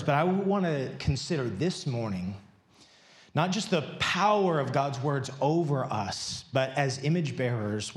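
A man preaching a sermon in a large church, chatting and joking with the congregation before reading from scripture. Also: medium pitch. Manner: conversational and playful, joking with the congregation. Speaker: pastor. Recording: echoey church hall.

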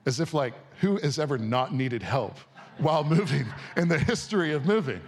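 Man, forties, pastor, conversational sermon, casual, animated, soft to loud swings. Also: a little high, normal speed. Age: 40s. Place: church or auditorium before a congregation.

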